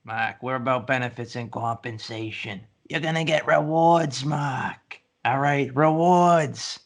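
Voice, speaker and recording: A man's voice: mid-range voice, a little slow, natural voice. A man playing a brash, salesy hiring manager in a comedy sketch who repeats himself, talking over a video call.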